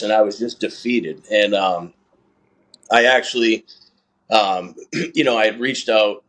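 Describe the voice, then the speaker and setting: Brief: low-pitched man, thirties, earnest and halting, emotional podcast guest. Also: fairly bright tone. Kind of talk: casual interview storytelling.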